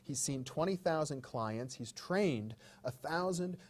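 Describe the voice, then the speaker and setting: A man, a psychologist, interviewing a guest in a respectful, measured way with some hesitant restarts. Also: a little high, animated, darkish tone. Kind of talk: interview questions.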